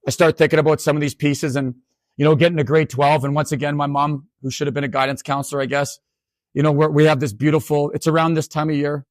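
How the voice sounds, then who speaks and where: A Canadian man in his forties gives a humorous storytelling talk as a keynote speaker, animated and self-mocking, with quick asides. His pitch is fairly high and the recording is dry.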